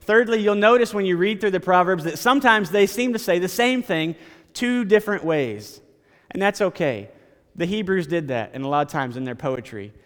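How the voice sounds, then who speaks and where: A man's voice: high-pitched, lively intonation, moderate pace, fairly bright tone, big-room sound. A man preaching a sermon as pastor, in a conversational style, repeating phrases and stammering now and then.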